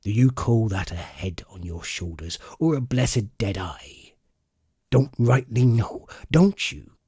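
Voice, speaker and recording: A cunning one-legged sea cook , put on by a male narrator, growls his lines in slow, emphatic pirate talk. The voice sits low and swings widely, with a husky edge. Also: lively intonation, dark tone, no echo, clean studio sound, full character voice. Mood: gruff, commanding.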